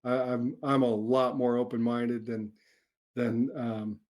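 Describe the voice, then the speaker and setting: A middle-aged man, an author answering interview questions in a relaxed way, chuckling often and restarting his sentences as he rambles. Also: mid-range voice, slow pace. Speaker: author guest. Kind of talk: casual interview chat.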